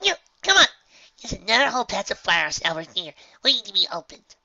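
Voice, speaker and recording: High, eager pony filly in a storybook, voiced by a reader, lo-fi sound. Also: lively intonation, moderate pace, gravelly, pushed and bright, no echo, heavily acted. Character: spirited young unicorn filly, earnest.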